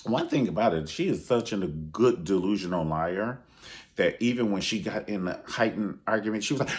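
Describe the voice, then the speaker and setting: A low-voiced man rants through a reality TV recap, his pitch swinging widely as he mimics the cast. He is sassy and profane, calling everyone honey and bitch. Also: sing-song, brisk. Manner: sassy, profane, dramatic, acts out quotes in high voices. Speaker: reality TV reviewer. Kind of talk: animated casual commentary.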